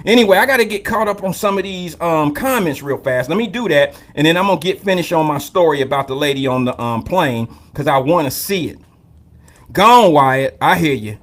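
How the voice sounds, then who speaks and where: Young male live-stream host, AAVE, high and very lively voice, profane, joking storyteller. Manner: loose, profane, joking storyteller who greets viewers by name. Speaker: host of a live call-in drive-time show. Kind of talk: casual live-stream monologue.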